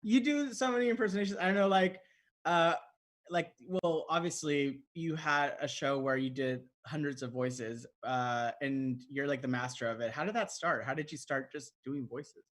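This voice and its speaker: A man's voice: fairly high pitch, moderate pace, fairly bright tone. A man hosting a casual interview chat, laughing often and full of fillers. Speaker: host.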